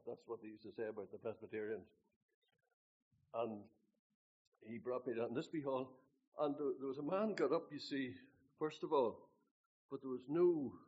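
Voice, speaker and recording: A man's voice: mid-range voice, slightly rough, highs cut off. An older man recalls his past in a rambling spoken testimony, repeating himself and quoting scripture with force. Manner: rambling, repeats words, quotes scripture with emphasis. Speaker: storyteller recalling his conversion.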